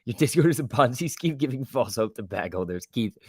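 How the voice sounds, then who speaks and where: A man's voice: mid-range voice, lively intonation, fairly quick, slightly rough, dry recording, clean studio sound. A man hosting a live stock market stream, calling price moves and reading viewer messages in a casual, joking way. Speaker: livestream host.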